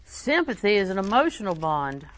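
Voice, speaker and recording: With big pitch swings in a mid-range voice at normal speed, a woman gives a folksy sermon. She shares personal anecdotes humorously and conversationally, shifting from soft asides to loud, emphatic preaching.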